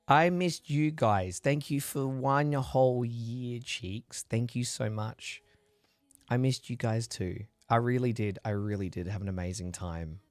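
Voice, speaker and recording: A man's voice: mid-range voice, a little slow, dry recording. A man hosting a livestream, chatting in a rambling way with viewers while recovering from a chest infection and coughing now and then. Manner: rambling, chatty, reads and answers chat. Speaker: livestream host. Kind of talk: casual chat with live viewers.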